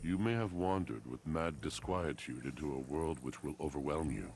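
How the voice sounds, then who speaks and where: A very deep, brooding gloomy man. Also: moderate pace, darkish tone, soft background music. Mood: ominous. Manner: solemn, ominous.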